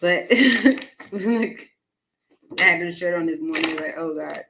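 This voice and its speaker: Woman, low-pitched; chatty tarot host who laughs a lot, faint noise behind. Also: normal speed. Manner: chatty, laughs often, talks to viewers by name. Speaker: tarot reader hosting a live stream. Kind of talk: casual live tarot reading.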